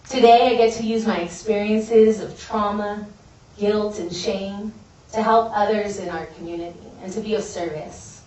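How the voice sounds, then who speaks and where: In an echoey hall at a college event, heard from a distance, a woman gives a heartfelt, earnest personal testimony as an invited speaker. Her pitch sits in the middle, her tone is darkish, and she keeps a moderate pace with fairly even intonation.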